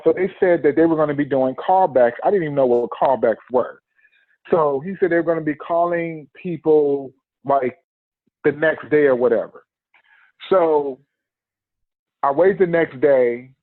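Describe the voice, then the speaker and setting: A man's voice: a little high, measured pace, no echo. A man telling a personal story in a podcast interview, acting out the quotes and laughing often. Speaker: podcast guest. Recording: tinny phone-line sound, dry.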